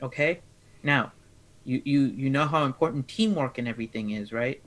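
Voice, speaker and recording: A man's voice: medium pitch, moderate pace, a bit bright. A man playing a tabletop role-playing game in a chatty, playful way, talking as his character. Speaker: player. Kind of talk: casual tabletop play.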